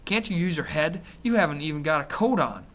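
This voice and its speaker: A man voicing an angry, strict older brother who shouts and scolds, read aloud from a novel. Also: fairly high pitch, expressive, fairly quick. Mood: scolding.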